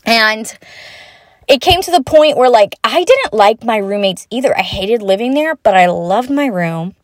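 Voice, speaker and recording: A woman in her twenties hosting a podcast, telling stories from her college years in a chatty, self-mocking way with casual swearing and quick asides. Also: a little high, expressive, dry recording, clean studio sound. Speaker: podcast host. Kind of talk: unscripted storytelling monologue.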